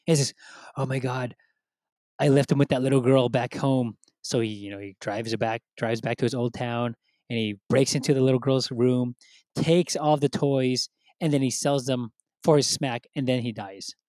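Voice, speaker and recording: A man's voice: mid-range voice, steady tone, normal speed, a little mellow, dry recording. A man co-hosting a casual podcast chat, rambling with many fillers and acting out quotes. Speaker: podcast co-host.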